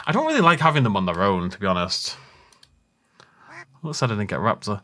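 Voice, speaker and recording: A man's voice: lowish voice, sing-song, brisk, bright, forceful tone. A man hosting a Minecraft let's-play, rambling and thinking aloud as he chats casually with his viewers. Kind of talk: casual gameplay commentary.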